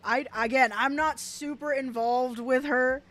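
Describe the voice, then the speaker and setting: A woman's voice: high voice, fairly even intonation, unhurried, a bit bright. A woman giving casual reaction commentary on clips, blunt and mocking, swearing heavily. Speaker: commentary streamer.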